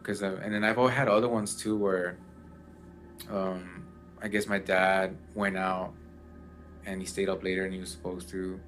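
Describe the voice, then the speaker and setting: A man with a low voice tells a story in loose, casual chat, full of fillers and restarts. Soft music plays under him. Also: little pitch movement, normal speed. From Mexican family background. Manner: rambling, many fillers.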